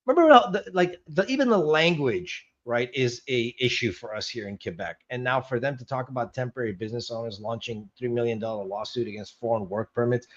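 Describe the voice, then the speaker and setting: A man's voice: mid-range voice, fairly quick, few pauses. A man co-hosting in casual banter, laughing often and stumbling over restarts as he jokes. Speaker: guest co-host. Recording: dull lo-fi sound.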